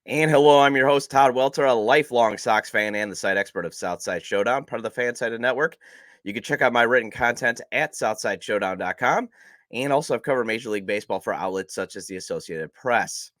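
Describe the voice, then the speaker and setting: A man's voice: mid-range voice, a little fast, a bit bright, no echo, studio quality. A man hosting a casual sports podcast, chatty and self-deprecating, his voice nasal from a cold. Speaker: podcast host.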